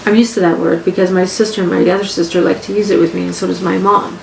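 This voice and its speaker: This Canadian podcast host, an adult with grown children, speaks quickly in a fairly low, steady, gravelly voice. Her casual monologue from the living room is candid, rambling and repetitive, recorded on a home mic in an echoey room with faint hum.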